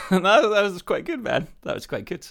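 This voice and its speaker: A man co-hosting a casual comedy chat, hesitant and quick to laugh. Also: high voice, wildly swooping pitch, creaky, fairly bright tone. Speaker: co-host.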